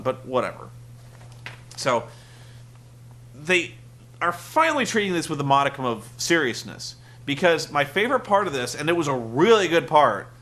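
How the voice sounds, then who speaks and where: A man's voice: medium pitch, pushed and bright. A young man hosting a casual wrestling review podcast, sarcastic and rambling, acting out the quotes he recounts.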